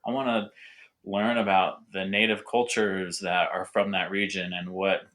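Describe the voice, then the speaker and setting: A young North American man with a low voice and sharp tone is the winemaker guest in a casual conversational interview. He speaks with enthusiasm, rambling along with many fillers.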